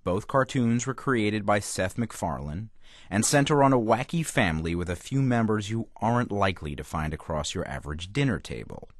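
A man's voice: fairly low pitch, big pitch swings, normal speed, no room sound, studio quality. A male TV critic delivering a scripted radio review with a wry, emphatic manner.

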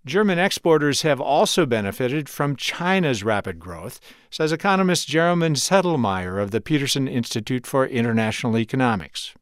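A male radio correspondent reading a scripted news report in a measured, clear delivery. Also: medium pitch, expressive, dry recording, clean studio sound.

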